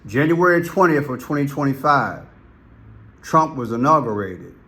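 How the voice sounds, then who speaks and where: A man hosting commentary over played clips, talking slowly and deliberately and hammering single words by repeating them. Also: medium pitch, animated, pushed and bright. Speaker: commentary channel host.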